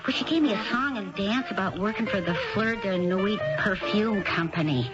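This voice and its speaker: A woman's voice: medium pitch, moderate pace, lightly acted. An actress playing a brash, tough-talking former showgirl in a radio drama with a dull lo-fi sound. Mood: suspicious. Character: brassy ex-showgirl, kept woman, streetwise. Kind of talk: 1970s-80s radio drama acting. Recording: dull lo-fi radio broadcast with music.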